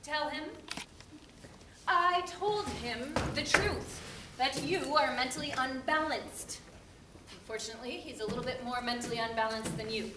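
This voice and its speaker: A woman playing a stingy, easily indignant male gentleman customer, huffy and deliberate. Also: high-pitched, close to an everyday voice. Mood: dry. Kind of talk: amateur stage acting. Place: theater stage. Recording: echoey hall, from far off, noisy.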